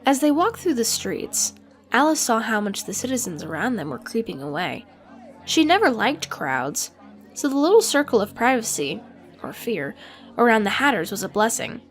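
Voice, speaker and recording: A woman narrating an audiobook in an expressive storytelling manner. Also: on the high side, moderate pace, soft background music.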